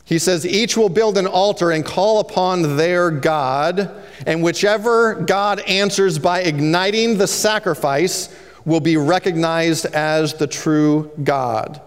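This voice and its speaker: A man's voice: sits high, takes it slowly, smooth, big-room sound. A man preaching an expository sermon, retelling the scripture story in casual everyday paraphrase.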